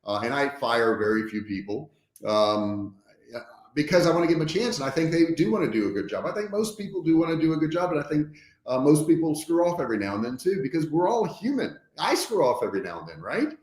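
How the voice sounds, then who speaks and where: A man's voice: a little high, big pitch swings, quick pace, a little mellow. Frank man lecturing, echoey room. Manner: frank and emphatic, often tags points with "okay?". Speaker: business trainer hosting a livestream. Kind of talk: casual livestream talk. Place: home office.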